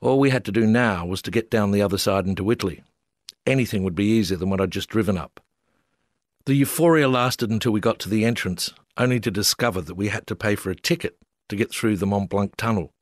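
Australian man, memoir narration, wry, self-mocking, lowish voice, dry close sound. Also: fast, dry recording. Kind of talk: reading a humorous travel memoir.

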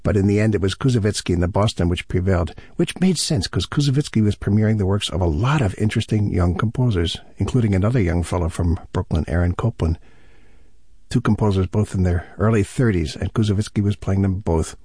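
A man presenting on classical radio, chatty and relaxed as he explains music history. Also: low-pitched, brisk, breathy edge, dry recording, studio quality.

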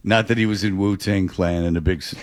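A man's voice: low voice, brisk, dry recording. Rambling man telling a story. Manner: rambling, animated storyteller with frequent restarts. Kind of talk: casual storytelling chat.

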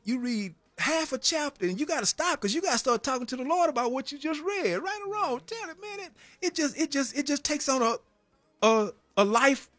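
Earnest, high-voiced man giving testimony. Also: a bit bright, no room sound. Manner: earnest and emphatic, often ending phrases with "man"; repeats words when stirred, preacher-like cadence. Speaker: former prison inmate giving testimony. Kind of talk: personal faith testimony.

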